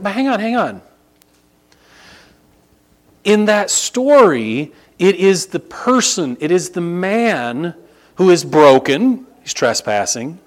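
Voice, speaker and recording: A man preaching an expository sermon, emphatic and conversational, who also teaches a religion class. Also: high voice.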